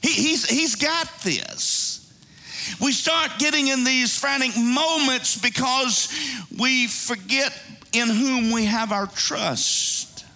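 A man's voice: extremely high pitch, slow, pushed and bright. A man preaching a sermon in a conversational way, calling out to the congregation. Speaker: pastor.

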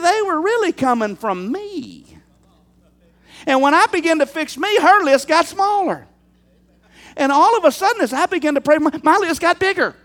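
A man preaching a sermon from the pulpit in a strikingly high voice. His pitch leaps up and down as he tells stories. He keeps turning to the congregation with rhetorical questions. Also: a bit bright. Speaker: pastor.

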